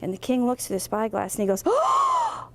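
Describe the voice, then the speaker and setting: A woman guest speaker telling a parable as an animated storyteller. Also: mid-range voice, quick pace. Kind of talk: storytelling speech.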